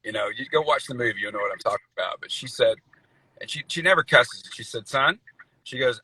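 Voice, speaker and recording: Folksy man, bright husky voice. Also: medium pitch, animated, brisk, no room sound, rough recording. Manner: folksy storyteller, says y'all, many fillers. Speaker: guest country singer. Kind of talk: casual interview chat. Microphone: video call.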